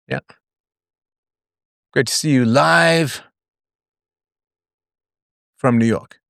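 A man's voice: medium pitch, vocal fry, fairly bright tone, no room sound, studio quality. A man hosting a live call-in show, blunt with crude asides, swinging his voice up and down as he talks. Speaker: host.

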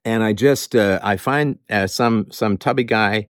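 A man's voice: lowish voice, measured pace, no echo, clean studio sound. A man hosting a show, giving an emphatic, lecturing spoken monologue with mocking asides. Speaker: show host.

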